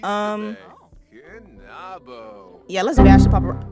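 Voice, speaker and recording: A woman's voice: mid-range voice, flat delivery, slow, music in the background. A young woman giving casual gameplay commentary, chatty and laughing often as she talks to her viewers. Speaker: gaming video creator.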